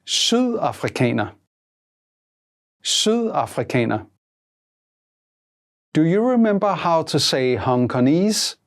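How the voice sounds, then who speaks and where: A woman hosting a language lesson, speaking slowly and clearly and repeating each word twice. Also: low voice, lively intonation, darkish tone. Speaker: language teacher host.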